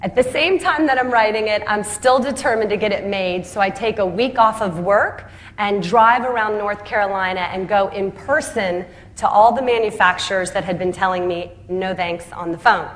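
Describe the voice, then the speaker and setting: Speaking at normal speed with a medium pitch, this female founder recounts her journey onstage. She pokes fun at herself, does voices for the people she quotes, and laughs along with her own jokes.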